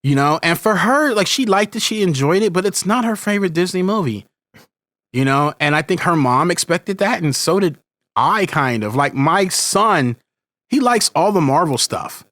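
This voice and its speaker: This podcast co-host is a man talking casually as a parent, rambling through constant restarts and tangents. His high-pitched voice is animated and fairly bright at a moderate pace, recorded dry with clean studio sound.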